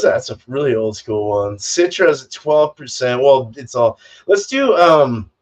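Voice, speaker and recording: A man hosting a homebrewing livestream, chatting casually in a rambling, profane way. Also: medium pitch. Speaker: homebrewing channel host. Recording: distant, dull lo-fi mic.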